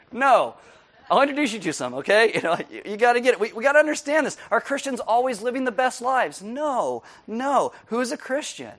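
A man preaching a sermon as pastor, animated, laughing often and asking his listeners "right?" again and again. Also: very high voice, moderate pace.

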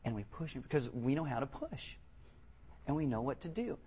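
A man's voice: mid-range voice, fairly quick, highs cut off, a little hiss or hum. A male pastor preaching a sermon with humor, acting out voices for the people he quotes. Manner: animated, joking, acts out quotes in voices.

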